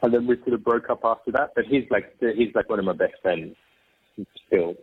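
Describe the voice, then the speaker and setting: A man telling his own story as an interview guest, rambling with restarts and soft laughs. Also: on the low side, moderate pace, breathy edge, no room sound. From Australia. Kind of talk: casual conversational storytelling. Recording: tinny phone-like line, dry.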